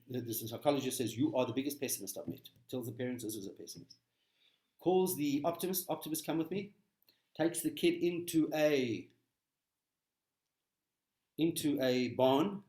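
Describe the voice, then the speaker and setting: A man giving a weekly Torah talk as a rabbi, preaching with animated storytelling and emphatic repetition. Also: fairly high pitch, echoey room.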